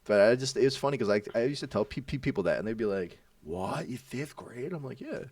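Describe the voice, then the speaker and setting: A man's voice: mid-range voice, rapid-fire, no echo, distant mic. A young man co-hosting a podcast, telling childhood stories in a casual chat, laughing and acting out the people in them. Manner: animated, laughing, acts out voices in his stories. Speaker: podcast co-host.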